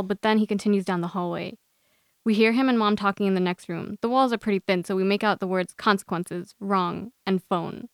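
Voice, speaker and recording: Young woman guest reading her own story, smooth and clear voice, close and dry. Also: mid-range voice, dry recording. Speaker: guest author. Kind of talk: reading a personal essay aloud.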